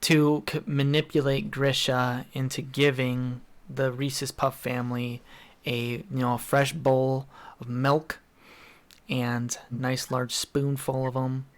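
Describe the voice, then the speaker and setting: A man co-hosting a relaxed podcast among friends. He recaps plainly, teases the others in a dry way and keeps pushing the talk on to the next point. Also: mid-range voice, slow, clear, resonant tone. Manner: dry, teasing, steers the talk along. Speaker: podcast co-host. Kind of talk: casual chat among friends.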